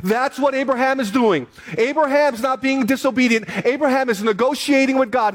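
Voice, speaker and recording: High-voiced earnest man preaching a sermon. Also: a little fast. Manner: earnest, repeats key phrases for emphasis. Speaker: pastor.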